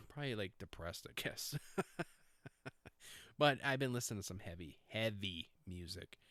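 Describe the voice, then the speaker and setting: A man's voice: on the low side, expressive, a little slow, bright, forceful tone, no echo, studio quality. A middle-aged man hosting a podcast, talking in a rambling, self-interrupting, jokey way. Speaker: podcast host. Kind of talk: casual rambling monologue.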